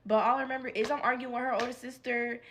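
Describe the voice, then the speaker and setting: A woman's voice: a little high, quick pace, slight background noise. A young adult woman telling a storytime vlog in a casual, slangy, profane way, acting out what people said. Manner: animated, profane, slangy, acts out quotes. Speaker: storytime vlogger.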